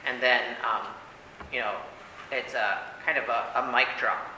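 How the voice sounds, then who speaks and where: A man's voice: mid-range voice, fairly even intonation, a little slow, bright, forceful tone. A man leading a casual church Bible study, talking emphatically with many fillers and "right?" tags. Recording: echoey hall with faint room noise.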